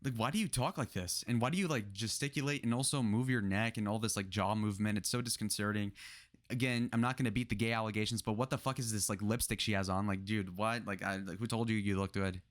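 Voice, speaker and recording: Sarcastic, low-voiced male commentator. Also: fast. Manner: sarcastic, profane, exasperated. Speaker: political commentator. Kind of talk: reaction commentary on a video clip.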